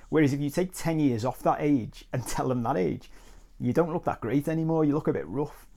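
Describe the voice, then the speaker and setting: A man's voice: fairly high pitch, animated, fast, dark tone. A man hosting his own coaching podcast and telling a story from childhood. His talk is conversational and reflective, with the odd crude aside. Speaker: life coach and podcast host.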